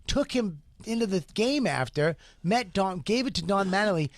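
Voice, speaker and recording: A man's voice: high voice, lively intonation, normal speed, dry recording. A man from the Boston area co-hosting a talk show, telling crude comic stories and doing other people's voices. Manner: storytelling, does voices of others, swears freely. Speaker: radio show co-host. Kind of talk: casual crude comedy chat. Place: radio studio.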